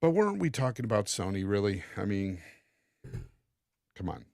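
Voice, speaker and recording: A man's voice: on the low side, sing-song, normal speed, gravelly, darkish tone, dry recording, studio quality. A man co-hosting a casual gaming podcast, rambling and repeating himself, with a casual swear now and then. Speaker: podcast co-host.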